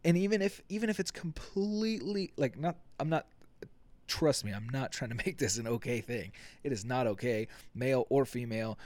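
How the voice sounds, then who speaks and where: A young man hosting a casual solo podcast, rambling and swearing, acting out quick quotes with jokey asides. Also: mid-range voice, darkish tone, dry recording. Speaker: podcast host.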